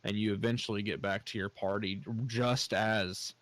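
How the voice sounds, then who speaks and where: Guy GMing a tabletop game over voice chat, lowish voice, lots of uhs and restarts. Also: steady tone, fairly bright tone, rough recording. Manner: halting, full of fillers and restarts. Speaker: game master.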